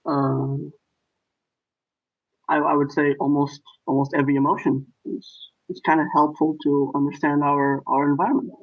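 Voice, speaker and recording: A man's voice: a little high, flat delivery, normal speed, highs cut off. A man from Portugal, calling in to a show, speaking hesitantly and stammering. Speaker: caller.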